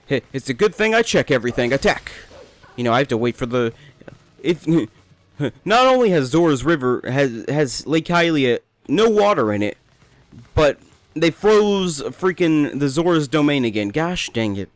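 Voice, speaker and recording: A man's voice: fairly high pitch, very animated, normal speed, no echo. A young man casually commentating his gameplay, rambling, joking and talking to the characters on screen. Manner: rambling, joking, talks to the game. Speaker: let's play host.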